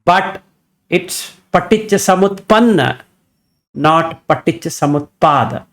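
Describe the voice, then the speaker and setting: A man's voice: a little high, animated, slow, a bit bright. A man teaching in an emphatic dharma talk, firing off rhetorical questions to his listeners.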